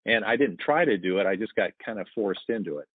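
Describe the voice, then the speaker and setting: A man's voice: lowish voice, expressive, quick pace, breathy edge, no room sound. A man in his sixties chatting casually on a podcast, telling sales anecdotes and acting out both sides of the dialogue. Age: 60s. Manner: storytelling, acts out quoted dialogue. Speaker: sales guest. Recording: tinny phone-like line, dry.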